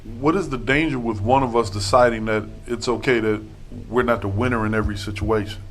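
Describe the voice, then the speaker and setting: A man's voice: fairly low pitch, a little fast. A man hosting a live talk panel, asking pointed questions and steering the conversation. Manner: probing, asks pointed questions. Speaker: talk show host.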